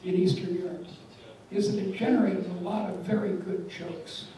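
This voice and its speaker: A woman's voice: lowish voice, steady tone, moderate pace, a crowd in the background. An older woman giving a public lecture, wry and emphatic, telling stories and jokes. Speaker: guest lecturer. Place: lecture hall. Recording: echoey lecture hall from far off.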